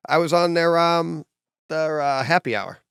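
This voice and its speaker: A man's voice: a little high, a little slow, gravelly, fairly bright tone, clean tone, no room sound, studio quality. A man hosting a podcast in casual chat, enthusiastic, laughing often and acting out quotes. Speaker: podcast host.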